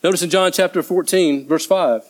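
Man, fairly high voice, preaching in a relaxed, conversational way; slips into acted-out voices. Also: normal speed, rough recording. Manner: conversational, acts out disciples' voices. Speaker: pastor. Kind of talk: sermon.

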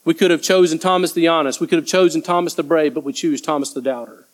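A man's voice: fairly high pitch, steady tone, quick pace, low-quality recording. A man preaching a sermon in a conversational way, now and then acting out the voices of people in the story. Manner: conversational, acts out disciples' voices. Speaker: pastor.

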